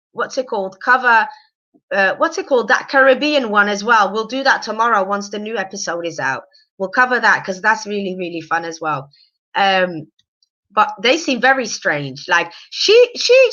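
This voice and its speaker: A woman recapping a reality show on a casual live stream, animated and opinionated, rambling with fillers. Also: on the high side, lo-fi sound.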